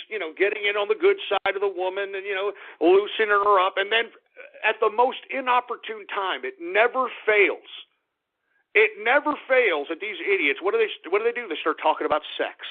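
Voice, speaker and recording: A middle-aged man with a rather high voice holds forth as a talk radio host, blunt and crude. The audio is narrow and tinny, like it's coming over a phone line. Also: normal speed. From Texas. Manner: blunt, crude, opinionated ranting. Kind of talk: ranting call-in radio talk.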